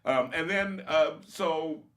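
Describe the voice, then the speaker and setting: A man hosting a casual interview, chatty and quick to laugh. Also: on the high side, a loud crowd. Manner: fast, chatty, laughs easily. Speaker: host.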